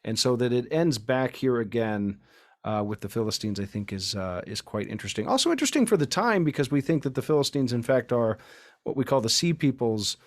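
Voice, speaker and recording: A man's voice: mid-range voice, animated, brisk. Thoughtful man explaining scripture context. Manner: thoughtful, explanatory, many fillers. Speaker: podcast co-host. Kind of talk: casual Bible discussion.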